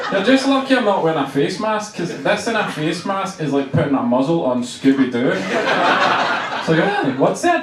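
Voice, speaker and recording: Brief: young Glaswegian comic, fairly high voice, roomy club sound heard from a distance. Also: male voice. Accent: Glaswegian Scottish. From Scotland. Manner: quick, punchy delivery with comic voices. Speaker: stand-up comedian. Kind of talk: stand-up routine. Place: comedy club stage. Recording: roomy club sound from far off, audience noise.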